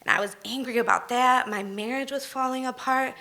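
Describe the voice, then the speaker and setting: A woman's voice: high voice, steady tone, fairly quick, pushed and bright. A woman in her thirties telling a candid personal story on stage at a live storytelling event, emphatic and conversational.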